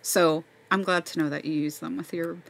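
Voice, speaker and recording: A woman in her fifties hosting a casual chat, chatty and quick to laugh as she tells stories. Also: fairly low pitch, vocal fry. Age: 50s. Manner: chatty, laughs often, animated retelling. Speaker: podcast host, teacher.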